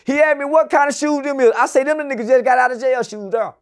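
Middle-aged male guest with a high voice, swears a lot, acts out every character in his story, loud and animated. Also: fast talker, clean tone. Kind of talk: animated storytelling in a casual interview.

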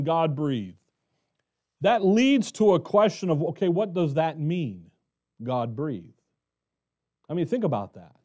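A middle-aged American pastor teaching verse by verse in a conversational way, often asking the congregation questions. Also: male voice, fairly high pitch, dark tone. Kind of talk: expository Bible teaching.

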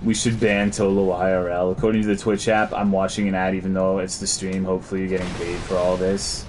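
Very deep-voiced laid-back male streamer. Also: level tone, fairly quick, darkish tone, slight background noise. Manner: laid-back, crude, reads out and answers chat. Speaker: game streamer. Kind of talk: casual live-stream chat.

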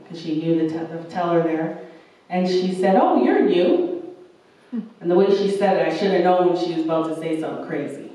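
A young woman delivers a sermon from a church hall, earnest and warm in her storytelling. She slips into the voices of the people she quotes. The sound is very roomy and heard from some distance off the mic. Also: on the low side. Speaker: preacher.

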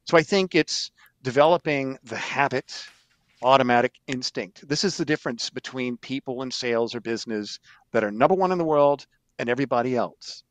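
A middle-aged man, a sales trainer, telling stories in an animated, emphatic way as an interview guest. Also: medium pitch, fairly quick, no room sound. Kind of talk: storytelling interview answer.

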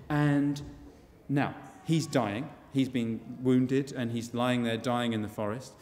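A man tells a tale live with wry, chatty asides, his voice sitting at a middle pitch. It rings with a long reverb in a church. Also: darkish tone, slight background noise. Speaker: storyteller. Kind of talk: live comic storytelling.

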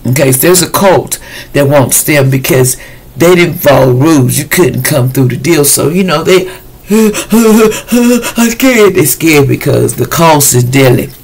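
Gravelly-voiced man giving a chatty tarot reading. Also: mid-range voice, normal speed, poor audio. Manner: chatty, loose and slangy, addresses viewers directly. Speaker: tarot reader. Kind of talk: casual weekly tarot reading.

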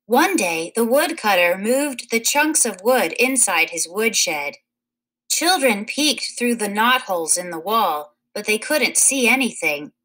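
Slow, bright-voiced woman reading aloud. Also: mid-range voice, low-quality recording. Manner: slow, expressive read-aloud. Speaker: story reader. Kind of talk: reading a picture book aloud to young children.

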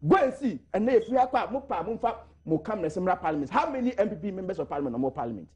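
A man arguing on a political panel, emphatic and quick to interrupt. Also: sits high, big pitch swings, dark tone, breathy edge. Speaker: studio panelist. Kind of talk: heated political debate.

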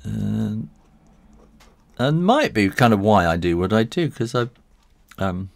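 A man illustrator chats his way through a live drawing lesson, rambling and chuckling as he works. His voice sits low with a gravelly edge, yet the pitch swings all over. The studio sound is close and dry. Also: very animated, slow, no room sound. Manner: chatty and rambling, with frequent chuckles. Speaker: illustrator and author.

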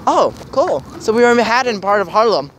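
A man's voice: high-pitched, big pitch swings, fairly quick, fairly bright tone. A young man filming a casual vlog on a snowy city street, rambling and upbeat as he hunts for words. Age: young adult. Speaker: vlogger filming his family walk. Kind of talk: casual handheld vlog narration. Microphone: handheld camera. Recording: outdoor street noise, traffic.

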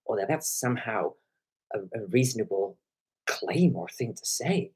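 A hoarse man talking on a live stream, retelling an encounter with animated, indignant energy. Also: on the low side, moderate pace. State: hoarse from shouting. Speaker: online commentator.

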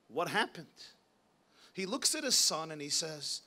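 Rabbi guy giving a sermon, super animated pitch, bright and kinda high, goes from hushed to yelling. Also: a little slow, pauses often. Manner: dramatic, swinging from hushed to shouting. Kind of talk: sermon storytelling. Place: event hall.

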